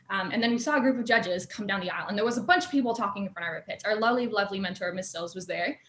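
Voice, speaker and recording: Talking at a racing pace with hardly any pauses, a young adult woman guest recounts tales from her student robotics team, laughing and using many fillers. Her mid-range voice is a bit bright, and the room sounds echoey.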